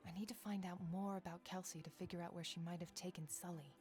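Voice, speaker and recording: An actress voicing a determined female FBI agent in a video game, speaking in a measured, matter-of-fact way. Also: fairly low pitch, fairly even intonation, darkish tone, faint music behind, close to an everyday voice. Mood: steady. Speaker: game protagonist. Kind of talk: voiced game dialogue and narration.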